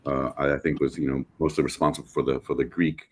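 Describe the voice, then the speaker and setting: Very deep-voiced middle-aged man telling stories. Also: quick pace, slightly rough. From United States. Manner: animated storyteller, acts out quotes, many restarts. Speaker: actor guest. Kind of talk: casual interview storytelling.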